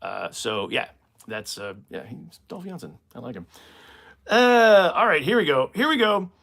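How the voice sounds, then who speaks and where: A man's voice: on the high side, sing-song, a little slow, creaky, a bit bright. An American man, a comedian, answering viewer questions in a casual, rambling live stream and laughing at his own jokes. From United States.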